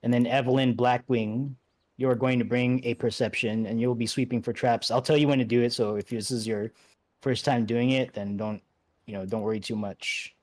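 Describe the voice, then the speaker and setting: A man leading an online game raid, giving relaxed instructions with many fillers and restarts. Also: mid-range voice, moderate pace. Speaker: raid leader. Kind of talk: casual instructions over voice chat.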